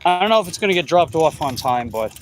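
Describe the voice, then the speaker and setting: Very animated and talking fast, a middle-aged delivery rider vlogger with a Long Island New York accent chats casually on his e-bike ride along the road. He reads viewer comments aloud and rambles through restarts, his voice fairly high-pitched, with slight background noise.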